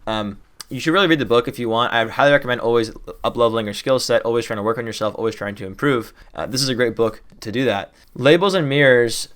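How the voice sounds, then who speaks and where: A young man teaching cold-calling tips in a casual, excited way, riffing off the top of his head and talking quickly. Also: mid-range voice, clear, resonant tone. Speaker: sales trainer. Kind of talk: fast casual teaching to camera.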